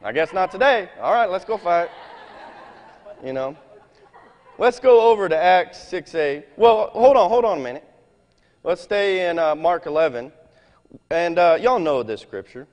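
High-voiced folksy preacher man in an echoing hall. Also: measured pace, pauses often. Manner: folksy, animated preaching with scripture reading. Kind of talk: sermon. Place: church meeting hall.

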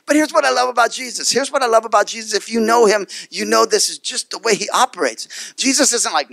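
Animated high-voiced male pastor. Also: fast talker, vocal fry, hardly any pauses, no room sound, clean studio sound. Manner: animated storytelling, acting out the people in the story and repeating phrases. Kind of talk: sermon.

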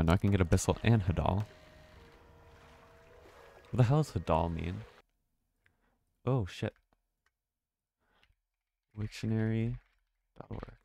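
Male streamer, low voice, dry close mic, rambling commentary. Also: vocal fry, dark tone, no echo. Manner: rambling, thinking aloud, swears casually. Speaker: game streamer. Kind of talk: casual live-stream commentary.

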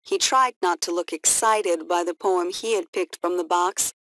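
A woman reading a children's story aloud and asking comprehension questions, in a clear storytelling manner. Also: on the low side, moderate pace, fairly bright tone, no echo. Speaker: reading teacher.

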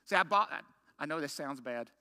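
A man's voice: on the high side, animated, fairly quick, sharp tone. A middle-aged man preaching a sermon as pastor, telling a story with self-mocking humor and punchy rhetorical questions.

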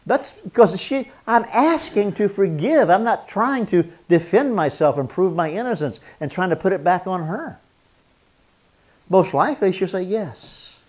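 Male seminar preacher with a somewhat high voice. Shifts from forceful teaching to soft, gentle apologies. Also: big pitch swings, moderate pace, breathy edge. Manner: swings from loud emphatic teaching to soft quiet role-played apologies; chuckles between points. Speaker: marriage seminar speaker. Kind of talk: sermon-style teaching.

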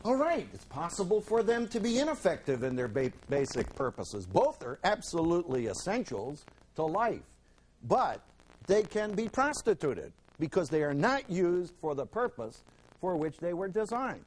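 A man's voice: high voice, big pitch swings, moderate pace, darkish tone, low-quality recording. Emphatic man teaching a Bible class. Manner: emphatic, rhetorical questions, repeats words for stress.

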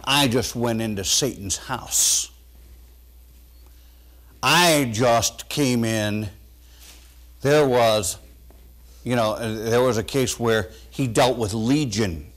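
A pastor preaching a sermon to his congregation, folksy and animated, swinging between loud bursts and quiet asides. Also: fairly low pitch. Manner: folksy, talks straight to the congregation.

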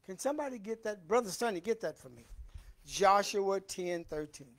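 A man's voice: sits high, expressive, moderate pace, fairly bright tone. A man teaching a Bible lesson in a church, reading scripture with emphasis and then talking loosely to the congregation. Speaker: preacher. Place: church hall.

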